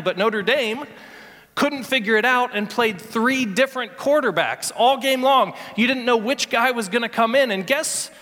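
A man preaching a sermon as pastor, animated and building to emphatic peaks. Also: high-pitched, big-room sound.

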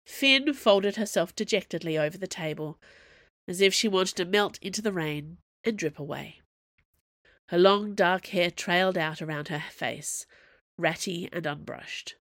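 A woman narrating an audiobook with an even, wry delivery. Her voice sits low and the recording is dry and close. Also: measured pace, no room sound.

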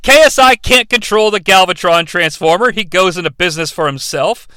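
A man's voice: high voice, brisk, sharp tone, smooth, dry recording. A man reviewing a movie in a sarcastic, profane, rambling comedic rant.

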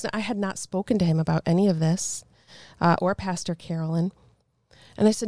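A woman's voice: mid-range voice, fairly quick, no room sound, studio quality. A middle-aged woman, a congressional candidate, telling a personal story of faith in an interview and acting out the voices of the people in it. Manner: animated storyteller, acts out quoted dialogue.

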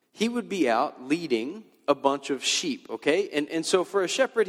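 A young adult man preaching a conversational sermon, animated and informal, often using "like" and "okay" as he talks to his audience. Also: a little high, in a large hall. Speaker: pastor.

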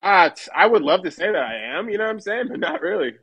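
A man's voice: high-pitched, sing-song, quick pace, a bit bright, breathy edge, no room sound. A man in casual podcast chat who laughs a lot and keeps saying "you know what I'm saying".

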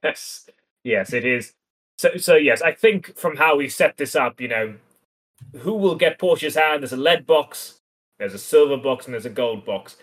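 A man's voice: medium pitch, lively intonation, moderate pace, a bit bright. Wry man analyzing a comic. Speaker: podcast co-host. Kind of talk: casual discussion of a comic.

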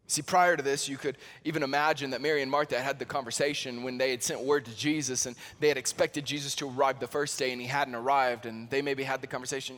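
A high, bright-voiced man delivering a sermon in a space with a long reverb tail. He swings from loud, pleading peaks down to hushed, almost whispered words, and slows right down to stress the key words. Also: steady tone. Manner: slow, deliberate emphasis on key words. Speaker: pastor.

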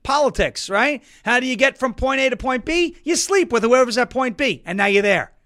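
A man from Long Island, New York, hosting a political talk show with wisecracking, sarcastic commentary and bursts of loud emphasis. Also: very high voice, animated, moderate pace. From Suffolk County, New York, US.

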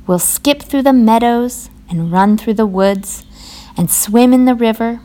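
A woman voicing an eager, cheerful male frog who calls out excitedly in a children's story. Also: a little high, unhurried, close to an everyday voice. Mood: enthusiastic.

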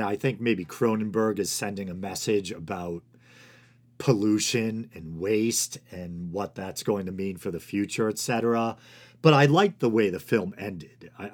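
A man with a Boston accent hosting a solo podcast, casually commenting and reading from sources with self-mocking asides. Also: lowish voice. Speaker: podcast host.

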